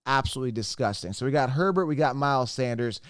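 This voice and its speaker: A man's voice: medium pitch, lively intonation, quick pace, clear, resonant tone, no room sound, studio quality. A man hosting his own fantasy football show, talking in a blunt, emphatic way and hard-selling his sponsors. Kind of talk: energetic solo sports commentary.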